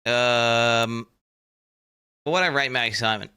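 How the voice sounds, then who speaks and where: A man's voice: mid-range voice, measured pace, pushed and bright, clean tone. A young man streaming live, reacting to a game announcement, thinking aloud, repeating himself and swearing casually.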